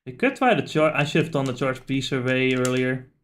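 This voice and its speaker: A man's voice: mid-range voice, a little fast. A man streaming a video game, rambling through stories in casual chat, full of fillers and the odd curse. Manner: rambling, animated storyteller with frequent fillers and swearing.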